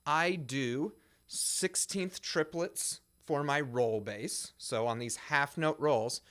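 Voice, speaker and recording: Hombre, profesor de percusión, tararea ritmos. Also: male voice, fairly high pitch, slow, a bit bright. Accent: American Midwest. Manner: counts and scats rhythms aloud. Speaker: percussion teacher. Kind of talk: instructional demonstration.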